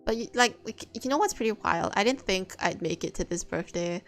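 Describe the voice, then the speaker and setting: A woman's voice: medium pitch, lively intonation, a little fast, rough recording. A young woman hosting a stream, chatting casually with friends, laughing often and swearing. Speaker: streamer host.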